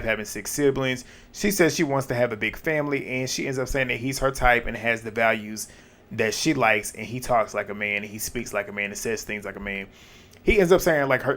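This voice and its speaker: A man's voice: medium pitch, a bit bright. Chatty man recapping a reality show. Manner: chatty, laughs often, drops quick asides. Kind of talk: casual episode recap.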